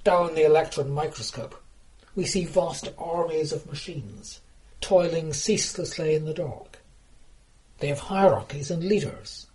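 A man with a mellow, warm yet slightly high voice reads prose in a calm, measured way. His delivery is steady and unhurried. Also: poor audio. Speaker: contributor reading his story.

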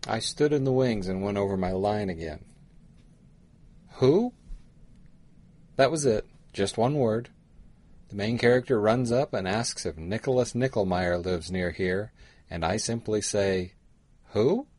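A man reading a first-person short story in a measured way. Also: fairly low pitch, darkish tone. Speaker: story reader.

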